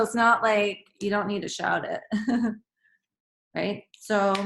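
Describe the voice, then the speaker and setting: A teacher with a fairly high-pitched voice speaks a little slowly as she gives children a grammar lesson. Expressively, she acts out sentences in several different tones, and the room echoes.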